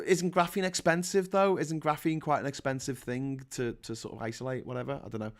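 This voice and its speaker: Here the Liverpool-accented livestream host, a middle-aged Englishman, sounds fairly high-pitched, gravelly, and a bit bright. He's sarcastic and foul-mouthed, ranting and reading chat aloud.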